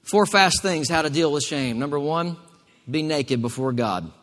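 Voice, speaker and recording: A man's voice: on the high side, animated, normal speed, fairly bright tone, long reverb tail. A male pastor preaching a sermon emphatically, calling for responses from the congregation.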